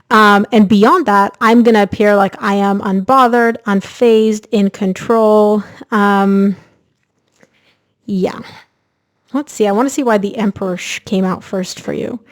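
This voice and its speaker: A woman giving a casual, energetic tarot reading, chatting directly to her viewers. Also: medium pitch, unhurried. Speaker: tarot reader.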